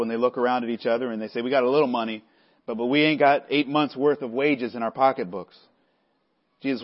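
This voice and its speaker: A man preaching a sermon as pastor, measured and earnest, sometimes stumbling and restarting his words. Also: a little high, lo-fi sound. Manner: measured preaching with frequent restarts, voicing the disciples conversationally.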